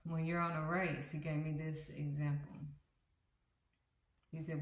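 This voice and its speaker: A woman with a very low voice gives a casual, earnest devotional talk, circling back to the same points. The recording is roomy and echoey. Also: flat delivery, measured pace. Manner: earnest, repetitive, conversational. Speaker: faith livestream host. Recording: roomy echo.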